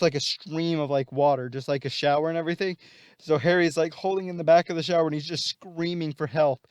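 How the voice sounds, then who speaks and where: Young-sounding male host, casual rambling plot recap, light clear voice. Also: fairly high pitch, no room sound, studio quality. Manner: rambling, many fillers and restarts. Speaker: channel host.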